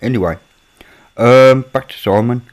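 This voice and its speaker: A man's voice: medium pitch, a little slow. A man from Birmingham with a Birmingham accent, a live-stream host chatting casually with viewers and muttering to himself as he works on his computer. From Birmingham, England. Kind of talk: casual chat with chat readers.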